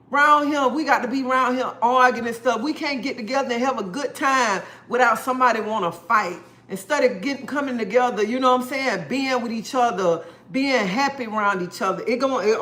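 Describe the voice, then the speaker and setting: Lady going live, earnest and preachy, says stuff over and over, bright sharp tone. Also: a little high, a little fast. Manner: earnest, preachy, repeats herself; greets viewers by name between points. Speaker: livestream host. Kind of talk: casual livestream talk.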